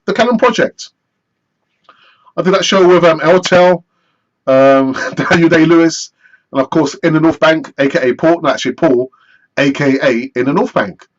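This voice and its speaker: A man hosting a live football fan stream, chatty and animated as he answers viewer messages. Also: fairly high pitch, highs cut off. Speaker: football fan channel host.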